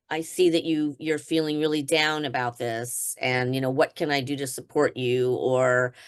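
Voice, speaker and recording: Brief: low-pitched female trainer, chatty and explanatory, acts out sample lines. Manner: conversational, many fillers, acts out example phrases. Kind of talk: leading a training discussion.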